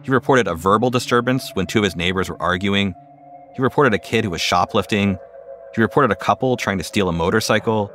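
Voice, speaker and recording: A man narrating a podcast story in a measured, wry, scripted way. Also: lowish voice, a bit bright, soft background music.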